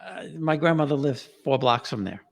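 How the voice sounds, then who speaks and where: A Queens, New York man with a matching accent appears as an interview guest; he's a genealogy author and podcaster. His mid-range voice is expressive and creaky, moving at a moderate pace in a big-room sound. He chats casually, rambles and repeats himself, and laughs a lot.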